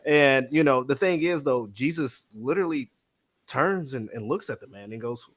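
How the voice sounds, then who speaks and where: A man in a relaxed conversation, his voice in a middle range as he tells a story with lively energy. He acts out what others say and laughs easily as he talks. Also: mid-range voice, normal speed. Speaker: guest. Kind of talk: casual faith-based conversation.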